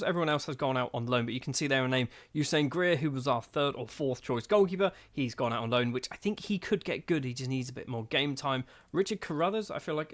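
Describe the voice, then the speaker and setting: Chatty man, fairly high voice. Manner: chatty, thinks aloud and questions himself mid-sentence. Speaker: gaming channel host. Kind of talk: casual let's-play commentary.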